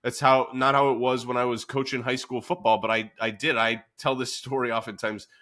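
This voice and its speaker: Man with a bright, forceful voice. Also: medium pitch, brisk. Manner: calm, even-keeled talk with many fillers. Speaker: fitness coach and podcast host. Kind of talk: casual podcast chat.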